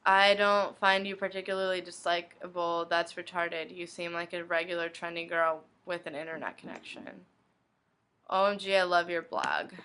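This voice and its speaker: A woman's voice: lowish voice, normal speed, sharp tone, smooth. A young woman blogger reading inbox messages aloud one after another, in a plain reading manner. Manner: reads each message in turn, plainly.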